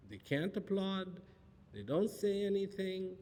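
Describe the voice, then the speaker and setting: A man's voice: high-pitched, sing-song, unhurried, mellow. A man giving a storytelling public talk, asking rhetorical questions and repeating phrases for emphasis. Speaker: spiritual speaker. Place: large auditorium. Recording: long reverb of a large hall.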